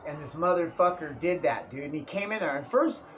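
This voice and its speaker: A man's voice: on the high side, animated, brisk, a little hiss or hum. A young man telling a comic story in a casual, profane way, peppered with dude and bro. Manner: profane, slangy, keeps saying dude and bro. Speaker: vlogger. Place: indoors, Tijuana area.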